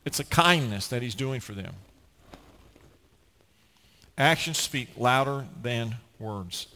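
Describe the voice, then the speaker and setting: A man's voice: mid-range voice, lively intonation, slow pace, bright, forceful tone, in a large hall. A man preaching a sermon as pastor, earnest and emphatic, often restarting his phrases.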